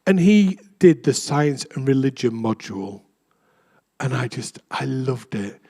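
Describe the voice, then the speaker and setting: A man's voice: mid-range voice, very animated, a little slow, dark tone. A young adult man, a vicar, preaching a chatty, self-deprecating sermon in a church.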